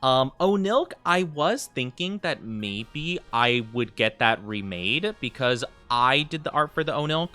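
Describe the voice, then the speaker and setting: A man's voice: medium pitch, expressive, a little slow, hardly any pauses, bright, forceful tone. A man livestreaming a game, chatting casually and ramblingly with his viewers. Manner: rambling and chatty, with lots of fillers. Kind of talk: casual chat with viewers while playing a game.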